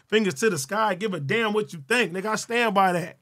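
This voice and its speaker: Bright-voiced, profane livestream host. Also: male voice, high voice, moderate pace. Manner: loud, profane, laughs often. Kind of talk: casual solo livestream chat.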